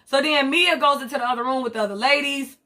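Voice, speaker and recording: A woman rambles through a reality TV recap, blunt and swearing freely. Her voice sits a bit high and sounds bright and forceful. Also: fast talker. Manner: blunt, profane, rambling commentary with quoted asides. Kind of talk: casual vlog recap.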